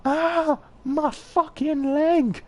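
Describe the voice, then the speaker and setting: A man's voice: very high voice, fairly even intonation, drawn-out words, voice pushed up, full character voice. A man voicing a terrified male informant who screams and howls frantically while being tortured in a video game read-through. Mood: pained. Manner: howling, frantic. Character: panicked male informant under torture, shrieking.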